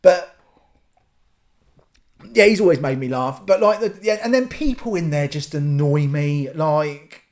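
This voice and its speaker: A man's voice: on the high side, unhurried, pauses often, darkish tone. A young man ranting casually in a solo vlog, rambling and acting out little scenes in silly voices. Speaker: vlogger.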